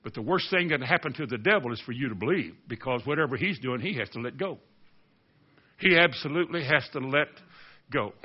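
A man preaching a sermon, reading scripture aloud and urging his congregation with passion, rising to near-shouting and dropping low. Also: animated, fairly quick, husky, dull audio.

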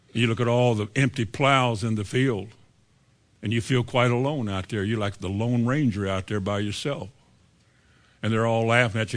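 A man preaching a sermon as pastor, firing rhetorical questions at the congregation and acting out doubters' replies. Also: fairly low pitch.

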